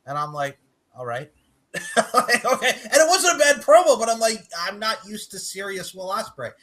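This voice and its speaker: A man's voice: sits high, big pitch swings, normal speed, fairly bright tone. A man co-hosting a casual wrestling chat podcast, who swears freely and laughs as he rants. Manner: swears a lot, laughs while ranting. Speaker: podcast co-host.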